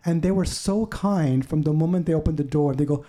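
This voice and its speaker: A man's voice: on the high side, a little fast, mellow. A man telling his personal story as a podcast guest, earnest and heartfelt, acting out what others said to him. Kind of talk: personal testimony.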